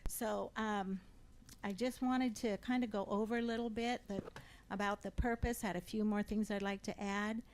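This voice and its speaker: A woman making a deliberate, pointed public comment at a council meeting. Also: medium pitch, fairly even intonation, rough recording.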